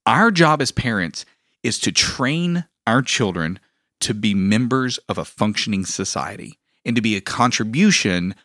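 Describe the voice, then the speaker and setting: A man's voice: lowish voice, expressive, unhurried, fairly bright tone, no room sound, studio quality. A man co-hosting a parenting podcast, telling family stories in a casual, folksy, humorous way. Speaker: podcast co-host; father of a daughter.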